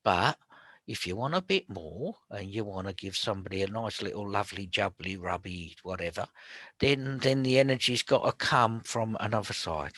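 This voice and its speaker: A man teaching about spiritual healing in a chatty, colloquial way, often dropping to a hushed whisper. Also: on the low side, moderate pace, no echo. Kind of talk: casual spoken teaching.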